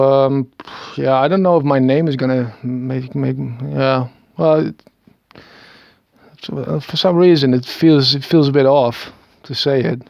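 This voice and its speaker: A man's voice: medium pitch, gravelly, darkish tone, no room sound, studio quality. A Dutch man in his thirties with a Dutch accent, talking in a hesitant, rambling monologue full of stammered restarts and small chuckles. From Netherlands. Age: 30s. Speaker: video maker. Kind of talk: rambling self-recorded monologue.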